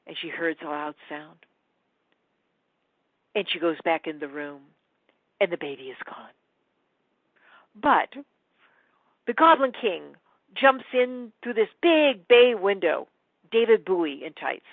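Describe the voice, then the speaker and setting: A woman teaching in a webinar, an animated storyteller who acts out the quotes. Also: fairly low pitch, slow pace, long pauses, no room sound, phone-quality sound. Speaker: spiritual teacher.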